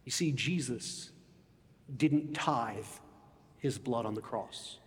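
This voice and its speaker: A man preaching a sermon in an emphatic way, often dropping low and soft on key phrases. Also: measured pace, long reverb tail.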